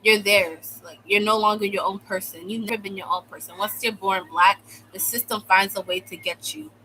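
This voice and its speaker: Bright-voiced young woman ranting. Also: medium pitch, steady tone, moderate pace, slight background noise, low-quality recording. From United States. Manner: exaggerated, sarcastic, fills speech with "like". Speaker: vlogger telling a personal story. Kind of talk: casual storytime rant.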